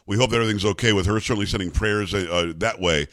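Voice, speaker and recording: Fast-talking, ranting talk radio host man. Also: lowish voice, a bit bright, no room sound. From South Florida, USA. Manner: emphatic, ranting, rapid-fire delivery. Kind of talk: opinionated talk radio commentary.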